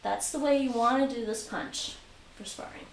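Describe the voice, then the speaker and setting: In a live-streamed taekwondo lesson for home exercisers, a woman patiently repeats her instructions and counts reps aloud. Her voice is on the high side at a normal speed. Recorded from a distance, it carries a roomy echo and slight noise.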